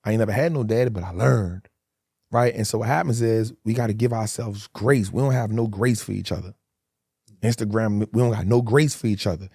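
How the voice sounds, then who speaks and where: A man's voice: fairly low pitch, fairly quick, creaky, pauses often, mellow, breathy edge, no echo, clean studio sound. A man in his forties, a guest telling hard stories in a candid interview, emphatic and full of street slang.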